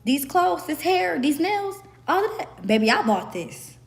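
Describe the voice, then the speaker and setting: A young woman from the American South with a Southern accent, hoarse from screaming, ranting sassily and emphatically to camera. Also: sits high, big pitch swings, measured pace. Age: young adult. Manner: sassy, emphatic, repeats herself. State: hoarse, voice worn out. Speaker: vlogger.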